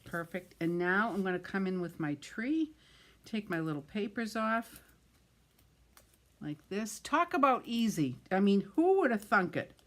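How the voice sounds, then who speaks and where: A middle-aged woman talks through a card-making demonstration while working with her hands. Her voice sits at an ordinary pitch for a woman, and she chats along casually. She stumbles over tricky names and shrugs off small slips with good humor. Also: big pitch swings, measured pace. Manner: chatty, self-deprecating, trips over words and laughs it off. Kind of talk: craft tutorial, talking while working.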